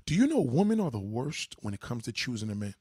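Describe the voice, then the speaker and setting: Man, livestream host, profane scolding rant, very lively pitch, dry sound. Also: fast talker, husky, no room sound. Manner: swings from low mutters to high outbursts. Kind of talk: ranting monologue to a live chat.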